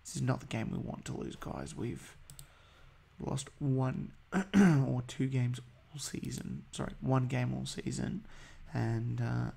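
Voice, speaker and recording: A man's voice: mid-range voice, animated, takes it slowly, gravelly, warm tone, breathy edge. A man giving casual, hesitant commentary over a football management game, full of ums and uhs. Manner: chatty, hesitant, many ums. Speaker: gaming video host.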